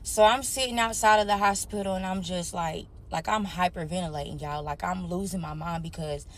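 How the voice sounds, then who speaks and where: This young woman's voice is lowish and brisk as she recounts her life candidly, talking right to the audience as y'all. Slight background noise is audible.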